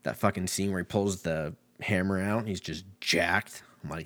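A man's voice: low-pitched, steady tone, normal speed, a bit bright. A man ranting comically, swearing constantly, laughing often and drifting from tangent to tangent. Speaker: comedian. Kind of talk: rambling comedic rant.

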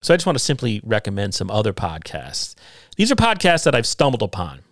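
A man's voice: fairly low pitch, wildly swooping pitch, brisk, no echo, clean studio sound. A middle-aged man hosting a solo podcast from his basement, talking in a sarcastic, combative and self-deprecating way. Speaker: podcast host. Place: home basement.

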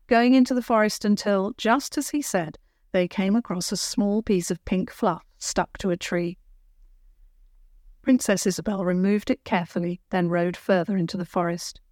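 Woman, storybook narrator, gentle, clear, medium pitch, dry close sound. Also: no room sound. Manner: gentle, clear read-aloud.

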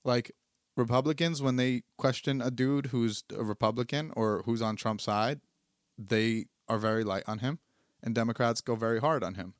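A man's voice: mid-range voice, steady tone, normal speed, no echo, studio quality. A young man co-hosting a podcast, talking politics in a rambling, profane, repetitive way. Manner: profane, rambling, repeats himself. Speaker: podcast co-host. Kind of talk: casual political chat.

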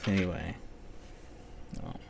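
A man hosting a solo comedy podcast, ranting profanely and swinging from loud outbursts to muttered whispered asides. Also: takes it slowly, slight background noise. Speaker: podcast host.

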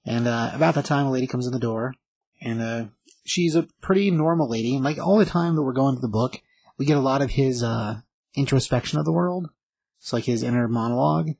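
A man's voice: mid-range voice, brisk, creaky, a little mellow, breathy edge, dry recording, low-quality recording. A man casually recapping a comic book story, rambling with lots of fillers and restarts.

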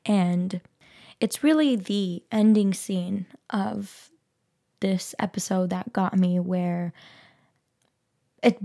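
Woman podcaster talking slow and earnest, kinda gravelly, mellow tone. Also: mid-range voice. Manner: earnest, musing, asks the listener questions. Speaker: podcast host. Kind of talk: reflective solo podcast talk. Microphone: podcast microphone.

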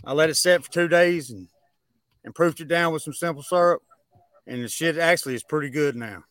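A man's voice: a little high, fairly quick, a bit bright, no room sound. A man who makes moonshine chatting casually, explaining his process in plain, easygoing terms. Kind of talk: casual podcast chat.

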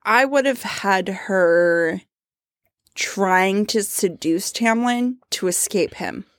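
A woman co-hosting a podcast, chatting casually, throwing in quick asides and apologies. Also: mid-range voice, dry recording, clean studio sound. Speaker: podcast co-host. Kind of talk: casual tipsy chat.

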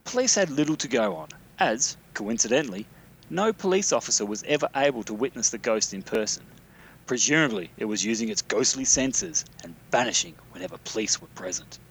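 Australian man, lively pitch, reading a hometown ghost story aloud, dry asides. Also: fairly quick, slight background noise. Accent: South Australian. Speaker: listener sending a recorded story.

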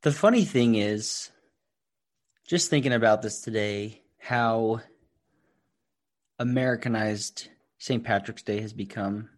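A man's voice: on the low side, slow, long pauses. A man co-hosting a podcast, talking in an easygoing conversational way. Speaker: podcast co-host. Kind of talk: casual chat.

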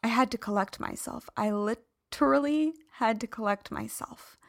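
A woman's voice: on the high side, normal speed, creaky, no echo, clean studio sound. A woman hosting a podcast, telling a personal story in a candid, emphatic, confessional way. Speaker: podcast host.

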